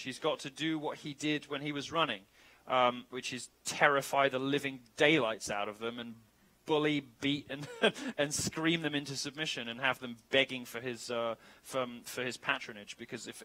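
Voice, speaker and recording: A man's voice: medium pitch, sharp tone, low-quality recording. A man speaking at a live Q&A, chatty and sardonic, with frequent joking asides. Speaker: guest speaker. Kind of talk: live Q&A speech.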